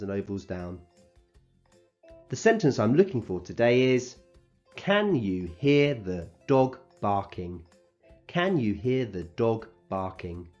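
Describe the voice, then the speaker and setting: A man teaching a recorded phonics lesson to young children, sounding out letters slowly and clearly and praising them as they go. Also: on the low side, darkish tone, muffled recording. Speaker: primary school teacher.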